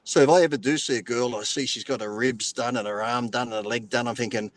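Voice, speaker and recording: A middle-aged man with an Australian accent chats on a podcast in a loose, crude way. He jokes with swearing and laughs often through his stories. His voice sits in a middle pitch. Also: fairly even intonation, fast talker, no echo. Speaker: podcast guest, bodybuilder. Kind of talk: casual podcast chat.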